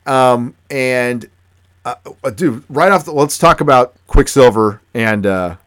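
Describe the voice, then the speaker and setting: A man co-hosting a casual movie review chat, excited and full of restarts and fillers. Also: medium pitch, measured pace, no room sound. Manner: animated, many restarts and fillers. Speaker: podcast co-host.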